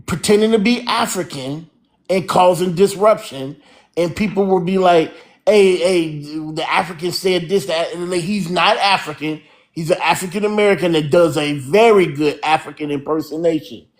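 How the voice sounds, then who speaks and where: High-voiced male host, earnest and rambling, live-stream panel. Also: moderate pace.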